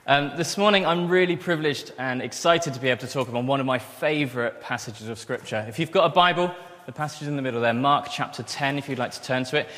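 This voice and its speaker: A man's voice: medium pitch, quick pace, fairly bright tone. A man delivering a sermon in a church. He speaks earnestly and stumbles over words now and then. His voice rings with a long hall reverb. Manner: earnest, with restarts and fillers. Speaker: preacher.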